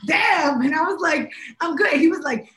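High-voiced woman telling animated stories. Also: a little fast, reverberant, slight background noise. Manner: animated storyteller, laughs often. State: a bit under the weather. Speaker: podcast co-host. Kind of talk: casual chat.

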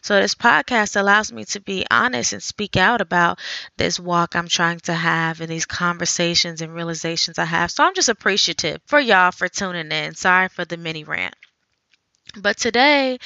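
A woman hosting a faith podcast, talking earnestly in a conversational way, thinking out loud. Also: lowish voice, vocal fry, dry recording, dull audio. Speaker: podcast host.

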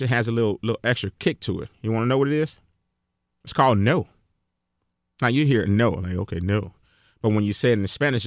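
A man's voice: medium pitch, fairly bright tone, dry recording, clean studio sound. Earnest man hosting a money podcast. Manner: earnest, preachy, repeats himself. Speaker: podcast host. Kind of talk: casual personal finance talk.

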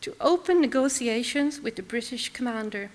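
A woman reading literary prose aloud in measured, intense, clipped phrases. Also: medium pitch, fairly even intonation, a bit bright, in a large hall. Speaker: reader.

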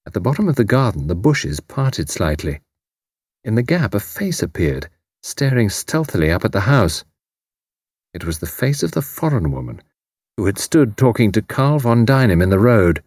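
A man narrating an audiobook in a measured, expressive reading style, close to the mic. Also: fairly low pitch, no echo. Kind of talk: scripted narration.

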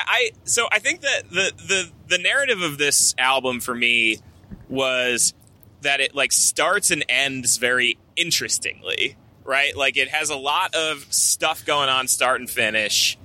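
A man chats casually and laughs often. His bright voice swings widely in pitch, and his manner is animated. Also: a little slow. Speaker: podcast co-host. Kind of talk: casual chat. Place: moving car.

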